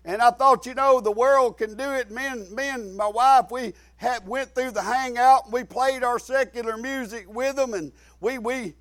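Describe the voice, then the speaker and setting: A middle-aged man, preaching a folksy sermon full of repetition and sudden shouted emphasis. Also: very high voice, a little slow, no room sound.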